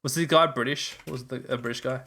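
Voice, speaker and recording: A man's voice: medium pitch, fast talker, vocal fry, bright, forceful tone, slightly rough. A man co-hosting a podcast in casual chat, with an Australian accent, teasing and laughing often. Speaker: podcast co-host.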